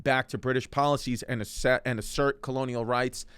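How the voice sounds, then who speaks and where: Smooth-voiced joking man telling history. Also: mid-range voice, fairly even intonation, a little fast, fairly bright tone, no room sound. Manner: joking, rambling, talks straight to listeners. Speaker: comedic history podcast host. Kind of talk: casual comedic storytelling.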